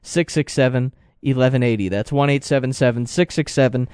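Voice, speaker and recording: A man's voice: medium pitch, a little fast, darkish tone, smooth, dry recording, clean studio sound. A man hosting a talk radio show, giving impassioned political commentary that rises to indignant outbursts. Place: radio studio.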